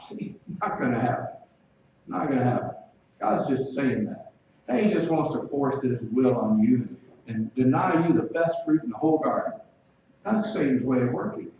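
A man's voice: mid-range voice, expressive, normal speed, mellow, distant mic, a little hiss or hum. A man preaching in a big, echoey hall, his voice landing from well back and sounding dull. He talks to the listeners conversationally and keeps asking them direct questions. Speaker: pastor. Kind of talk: expository sermon.

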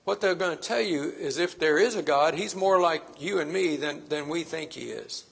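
A man's voice: on the high side, normal speed, gravelly, husky. A man preaching a sermon, stressing his points by repeating phrases.

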